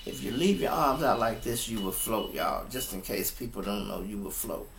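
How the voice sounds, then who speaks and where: A man casually telling a story to his listeners, animated and profane, often calling them y'all, speaking at his computer setup. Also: lowish voice, moderate pace, vocal fry, faint music behind.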